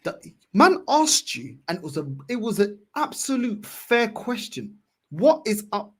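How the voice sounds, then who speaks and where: A man's voice: sits high, sing-song, measured pace, husky. A man hosting a fan live stream, ranting furiously and swearing over and over. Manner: furious, swearing, repetitive outbursts. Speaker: fan channel host. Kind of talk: angry live-stream rant.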